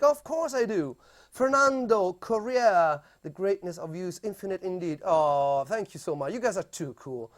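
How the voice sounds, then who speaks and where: A man, a music producer hosting a casual live stream, playfully chatting and greeting viewers by name. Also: high voice. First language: Italian. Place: home room in London.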